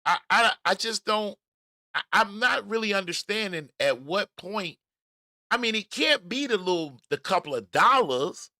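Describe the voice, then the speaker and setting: A man hosting a casual commentary livestream, talking in an animated, emphatic way with frequent stammers and restarts. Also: high-pitched, normal speed, no echo, studio quality. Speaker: host.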